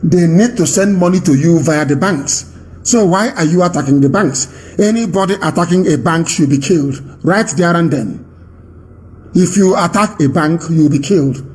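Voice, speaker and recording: High-voiced, fiery Nigerian-accented man. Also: moderate pace. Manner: emphatic, repetitive, commanding, rising to shouts. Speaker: movement leader giving a radio address. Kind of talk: impassioned live radio address.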